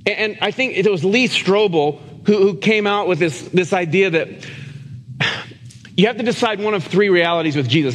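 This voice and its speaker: Man, pastor, sermon, earnest, conversational, self-deprecating, high voice, long church reverb. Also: normal speed. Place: church sanctuary.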